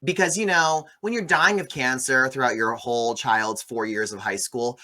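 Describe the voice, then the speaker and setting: Guy ranting sarcastically about a movie, bright tense voice, goofy impressions. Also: mid-range voice, moderate pace. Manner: sarcastic, animated, mocking impressions. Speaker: movie review host. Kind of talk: casual chat.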